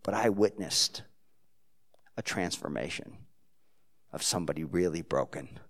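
A man from Texas, a pastor preaching a sermon, telling a story in a heartfelt way that swings from quiet to loud. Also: sits low, lively intonation, measured pace.

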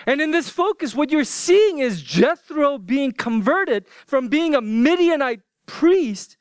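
A man with a notably high voice preaches to his church in a relaxed, chatty way. He lets some lines sink to a hush. The sound is dry and close. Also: no room sound. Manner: conversational, dropping to hushed whispers for emphasis. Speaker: pastor. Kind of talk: sermon.

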